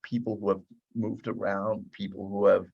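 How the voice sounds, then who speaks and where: Gravelly low-voiced man explaining. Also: little pitch movement, moderate pace, no room sound, lo-fi sound. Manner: earnest, explanatory, repeats words when starting. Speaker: management consultant guest. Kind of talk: casual interview talk.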